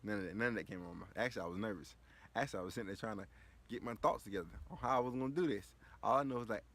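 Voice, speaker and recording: Gravelly, low-voiced man rambling casually. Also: quick pace, fairly bright tone. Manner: rambling, slangy, heavy on filler phrases. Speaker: vlogger. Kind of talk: casual storytelling.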